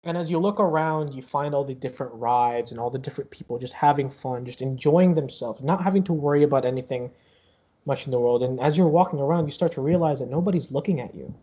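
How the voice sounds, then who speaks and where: Rambling game master, muffled lo-fi sound. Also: male voice, mid-range voice, quick pace, warm tone, husky. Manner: rambling, full of fillers and restarts. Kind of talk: narrating a tabletop game.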